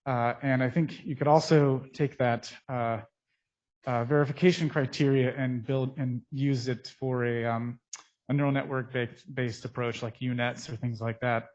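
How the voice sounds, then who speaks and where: A man giving a conference lecture on his research, speaking in a technical, halting way with frequent pauses, into a microphone. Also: mid-range voice, fairly even intonation, darkish tone. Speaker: scientist presenting research. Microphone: speaking into a mic. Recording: dull, muffled through a face mask.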